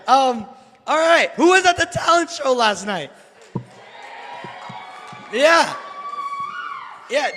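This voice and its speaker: A hoarse man with a very high, bright voice jokes his way through announcing contest winners at a banquet. He talks slowly and hypes the crowd. His voice rings with long reverb through a large hall. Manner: joking, playful, hypes the crowd.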